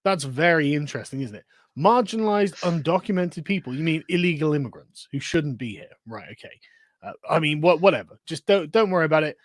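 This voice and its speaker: A man delivering sarcastic online commentary in a played clip, firing off rhetorical questions. His voice sits high for a man. The recording is dry and close. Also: animated, brisk, no room sound.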